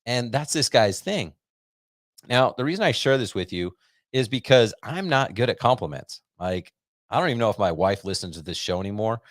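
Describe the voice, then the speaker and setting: This American podcast host, middle-aged, rambles in an animated, upbeat way to a live audience, his speech full of fillers and his pace moderate. His voice is medium-pitched, and the clean studio sound has no echo.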